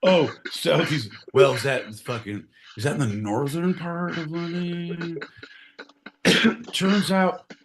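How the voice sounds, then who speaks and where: A man's voice: on the high side, slow pace, fairly bright tone, slight background noise. A man co-hosting a comedy podcast in rowdy banter, goofy and sweary, breaking into nonsense beats. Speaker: podcast co-host.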